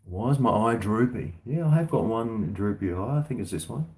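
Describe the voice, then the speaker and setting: Rambling Australian man, slightly low voice. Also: animated, normal speed, a little mellow. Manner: rambling, chatty, slangy. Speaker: livestream host. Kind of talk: casual livestream chat.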